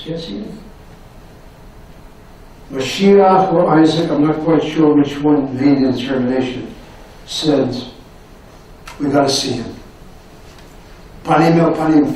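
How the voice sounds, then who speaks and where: A man with a slightly high voice lectures with passion, firing rhetorical questions and dropping to near-whispers. He is picked up from far off in a very echoey university hall, with faint room noise behind him. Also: darkish tone. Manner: dramatic, impassioned delivery with many rhetorical questions; voice sinks to near-whispers at emotional moments. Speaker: professor giving a lecture. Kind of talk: public lecture. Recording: echoey hall recorded from afar.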